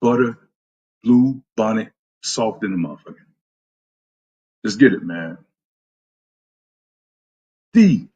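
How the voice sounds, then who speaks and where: Blunt, husky-voiced man trainer. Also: on the low side, expressive, slow pace, long pauses, warm tone, dull audio. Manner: blunt, profane, trash-talking; greets viewers by name. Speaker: fitness trainer. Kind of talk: casual live-stream fitness talk.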